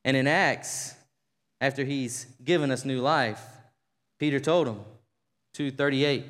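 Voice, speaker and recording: A man's voice: mid-range voice, measured pace, long pauses. Fervent male preacher in a reverberant hall. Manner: builds to fervent shouting, leads congregation in call and response. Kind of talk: sermon. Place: church sanctuary. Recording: long reverb of a large hall.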